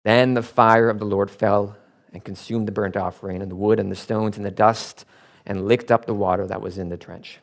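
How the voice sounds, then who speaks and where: A man's voice: fairly low pitch, moderate pace, vocal fry. A man preaching a sermon, reading scripture aloud and building to emphatic points before easing into personal stories. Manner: scripture reading building to emphatic swells, then relaxed storytelling. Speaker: pastor.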